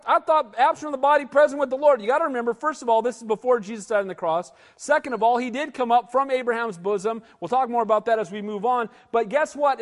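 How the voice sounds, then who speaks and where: A male pastor preaching an animated sermon in a church hall and questioning his audience. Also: very high voice.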